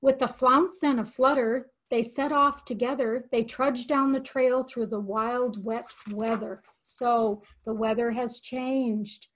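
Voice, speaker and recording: An older woman teaching from a picture book, reading slowly and expressively and pausing to explain words. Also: fairly high pitch, fairly even intonation. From United States. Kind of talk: read-aloud lesson for educators.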